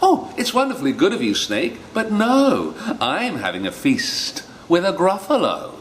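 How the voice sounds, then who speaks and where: A quick-witted little brown mouse from a storybook, voiced by a man, pitched somewhat higher than a normal speaking voice. He sounds chirpy and teasing, and bright with cheek. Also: huge pitch swings, slight background noise, heavily acted. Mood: cheeky.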